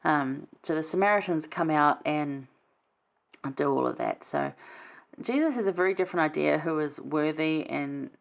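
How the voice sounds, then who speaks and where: A woman's voice: low-pitched, moderate pace, vocal fry. A woman giving casual scripture commentary in a chatty, informal way, reading verses aloud and then explaining them. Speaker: Bible study vlogger.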